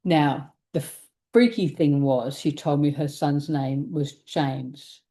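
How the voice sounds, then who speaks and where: A woman co-hosting a tarot podcast, telling a story in a casual, animated way, laughing and acting out what people said. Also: sits low, slow. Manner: animated, laughing, acts out quoted speech. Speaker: tarot reader and podcast co-host.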